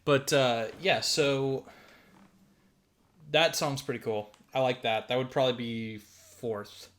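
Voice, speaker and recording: A man's voice: mid-range voice, steady tone, slow, a bit bright. A man hosting a podcast, recapping a film in a rambling, laughing, swear-heavy casual chat. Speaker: podcast host.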